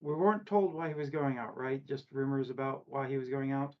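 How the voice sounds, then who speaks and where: A man's voice: mid-range voice, steady tone, a little fast, muffled recording, slight background noise. A man playing a tabletop game, speaking hesitantly and correcting himself. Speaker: player. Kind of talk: casual tabletop play.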